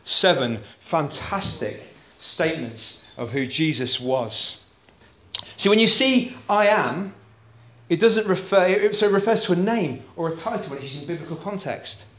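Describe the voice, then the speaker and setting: A man's voice: a little high, animated, moderate pace, fairly bright tone. Man preaching in an echoey church. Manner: conversational, asks the congregation questions. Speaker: pastor. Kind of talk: sermon. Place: church hall.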